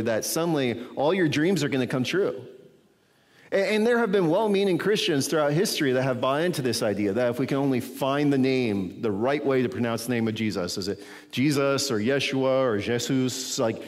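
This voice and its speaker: A man's voice: mid-range voice, long reverb tail. A man preaching a sermon as a pastor, teaching from scripture in a conversational way and often checking in with his listeners.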